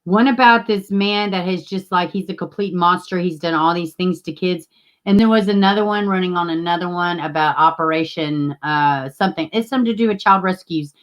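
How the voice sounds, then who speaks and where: A woman's voice: fairly low pitch, brisk. A woman, casually chatting with viewers as a livestream host and greeting them by name. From Tennessee, US.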